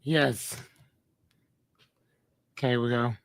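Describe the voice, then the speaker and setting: The host's mid-range voice stays fairly even in intonation as he talks at a slow pace, with no echo. He hosts his podcast casually, rambling, correcting himself, and talking to his listeners.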